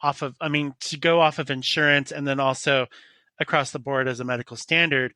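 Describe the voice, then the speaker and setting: Bright-voiced, frank podcast host. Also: male voice, mid-range voice, no echo. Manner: frank, chatty, slangy. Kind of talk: casual podcast interview.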